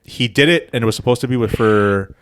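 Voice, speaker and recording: A man's voice: medium pitch, fairly quick, a bit bright, slight background noise. A young man from Long Island, co-hosting a podcast in a rambling, laughing way full of fillers. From Long Island, New York. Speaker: podcast co-host. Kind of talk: casual chat.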